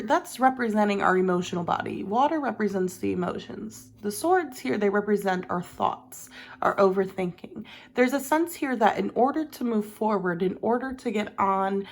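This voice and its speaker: A woman's voice: mid-range voice, moderate pace. A woman giving a casual, rambling tarot reading to camera, full of fillers and small laughs at herself. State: has the hiccups. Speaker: tarot reader.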